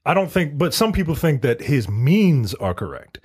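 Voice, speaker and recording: A man co-hosting a casual podcast chat, animated and emphatic. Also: on the high side, normal speed, husky. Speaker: podcast co-host.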